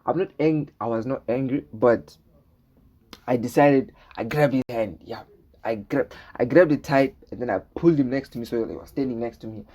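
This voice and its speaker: This young man's voice is mid-range and mellow, moving at a normal speed as he tells a storytime vlog in a casual, rambling way. Words get repeated, he often tosses in "right?", and he acts out the dialogue of people in his story.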